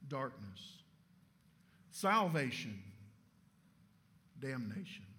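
A man gives an emphatic sermon in a fairly bright tone, asking rhetorical questions while his voice sinks low at the ends of phrases.

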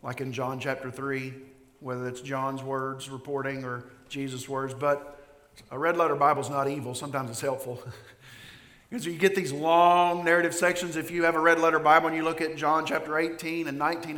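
A man preaching a sermon, emphatic, dropping to a hush and then building loud again. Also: a little high, flat delivery, normal speed. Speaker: pastor. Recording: echoey hall.

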